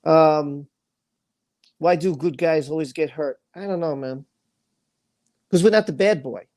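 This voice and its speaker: A man with a fairly high, somewhat dark voice hosts a livestream, speaking at an unhurried pace. He rants angrily and with emotion, repeating phrases and reading chat comments out loud.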